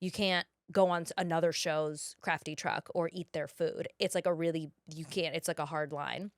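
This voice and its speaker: A woman's voice: sits low, fairly even intonation, normal speed, dry recording, studio quality. A woman in her thirties, an actress guest, chatting animatedly on a podcast, laughing often and restarting her sentences. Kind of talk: casual podcast chat.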